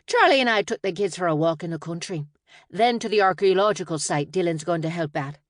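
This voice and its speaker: A woman's voice: lowish voice, a little fast, dry recording, clean studio sound, close to an everyday voice. A woman voicing a cheerful mother who works as an agent, speaking with a Northern English accent and rounded vowels. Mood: friendly.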